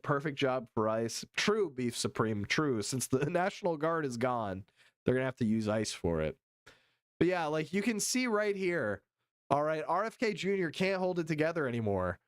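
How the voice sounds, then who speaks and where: A livestream host scrubs through a video and reads chat, giving crude, profane, mocking play-by-play commentary full of silly put-on quote voices. The voice is medium-pitched, clear and resonant.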